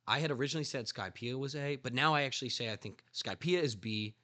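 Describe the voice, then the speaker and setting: A young man hosting a casual podcast who talks excitedly, swears a lot and acts out scenes. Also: medium pitch, fast, no room sound. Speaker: podcast host. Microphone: studio podcast mic.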